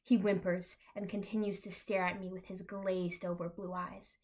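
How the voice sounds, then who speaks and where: A young woman reading her own comic fan fiction aloud, deadpan, breaking off with dry asides. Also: on the low side, moderate pace. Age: young adult.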